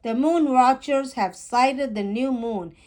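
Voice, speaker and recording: A woman's voice: high voice, slow pace, darkish tone. A woman voicing a cheerful, joking father in a children's story, read in a playful mock-announcer manner. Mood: announcing.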